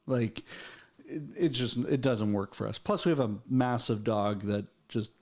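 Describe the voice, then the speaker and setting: A man's voice: medium pitch, a little slow, a little mellow. A man hosting a casual conversation, talking in a friendly, meandering way. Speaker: host.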